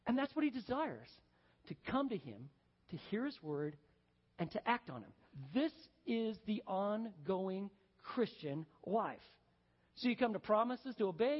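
A man preaching a sermon, telling folksy stories and swinging between loud, lively bursts and hushed, slow emphasis. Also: high voice. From Texas. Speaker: pastor. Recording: dull, echoey hall recording.

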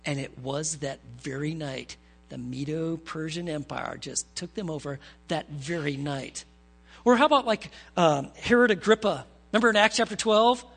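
A male pastor preaching a sermon, retelling stories with animated, conversational asides to the congregation. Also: a little high, moderate pace, creaky, faint music behind.

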